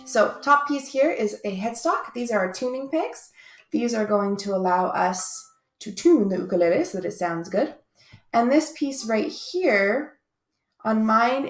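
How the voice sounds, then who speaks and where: Woman, music teacher, video lesson, chatty, upbeat, gravelly, roomy echo. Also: mid-range voice.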